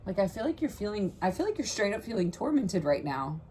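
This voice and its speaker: A woman's voice: mid-range voice, sing-song, fairly quick, darkish tone, a little hiss or hum. A woman giving an earnest, rambling tarot reading straight to the viewer, full of fillers and restarts. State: briefly emotional, voice catching. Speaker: tarot reader. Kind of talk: casual spiritual tarot reading to camera.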